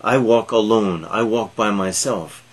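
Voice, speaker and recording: A man's voice: fairly low pitch, unhurried, slight background noise. A man giving voice to a proud, independent cat. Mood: stubborn. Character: proud independent male cat who walks alone.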